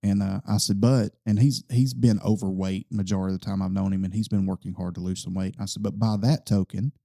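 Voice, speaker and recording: Gravelly low-voiced man telling a story. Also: steady tone, fast talker, mellow, no echo, studio quality. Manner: long-winded storytelling, frequent fillers. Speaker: podcast host. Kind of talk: casual conversation.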